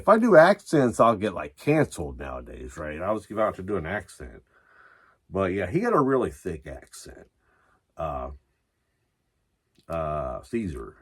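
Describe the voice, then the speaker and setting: Drunk rambling man with a husky voice. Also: sits low, very animated, unhurried. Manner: rambling, loose, swearing, restarts often. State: drunk and high. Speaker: metal vlogger. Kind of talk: rambling casual vlog.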